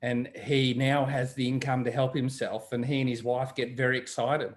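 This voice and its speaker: A man's voice: medium pitch, flat delivery, moderate pace. A man in casual chat, telling stories and acting out the voices of people he quotes. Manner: chatty storyteller, acts out quoted voices. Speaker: guest.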